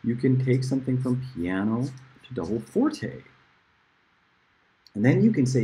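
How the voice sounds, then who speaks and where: A man teaching a casual music lesson at a board, rambling, with loud bursts of emphasis and murmured asides. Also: medium pitch, big pitch swings, measured pace, long pauses, slightly rough, poor audio.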